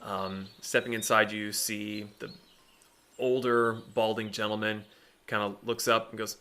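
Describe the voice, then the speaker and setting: A man running a tabletop game as its narrator, his voice low-pitched yet bright. He laughs often while describing scenes and characters. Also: flat delivery, a little slow. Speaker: game master.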